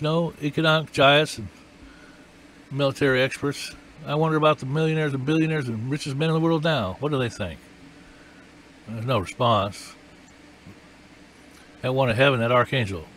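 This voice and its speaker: A man's voice: medium pitch, fairly quick, fairly bright tone. Emphatic male preacher, faint noise behind. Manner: emphatic, repetitive, rising and falling with emotion. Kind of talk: sermon.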